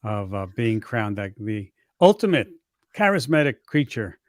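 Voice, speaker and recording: A man's voice: on the low side, a little slow, no echo, studio quality. An older man hosting a radio show, casually joking and reading trivia questions on a video call. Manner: relaxed, joking, restarts sentences.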